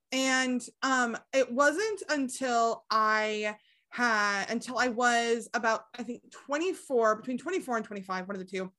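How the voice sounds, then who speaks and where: A woman's voice: a little high, sharp tone. A young woman, a recovery coach, candidly telling her story as a podcast guest, with lots of fillers and casual swearing.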